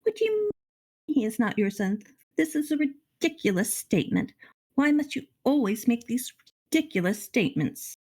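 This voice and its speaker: A woman's voice: on the high side, big pitch swings, normal speed, warm tone, voice pushed up. A woman doing a French mother mouse. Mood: indignant. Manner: put-on French accent, dramatic and exasperated.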